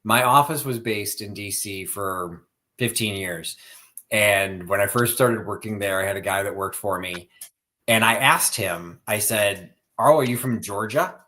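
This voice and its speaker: Low-voiced man chatting on a live stream. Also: a little slow, sharp tone. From US Midwest. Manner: chatty, storytelling, trails off mid-sentence. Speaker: co-host of a live sale stream. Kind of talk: casual chat.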